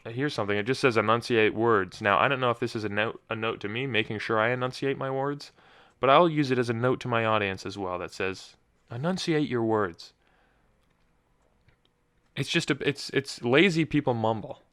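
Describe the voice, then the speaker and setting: A man's voice: medium pitch, fast, fairly bright tone, clean tone, no echo. A young man hosting his own podcast in casual solo chat, rambling and often restarting his sentences. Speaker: podcast host.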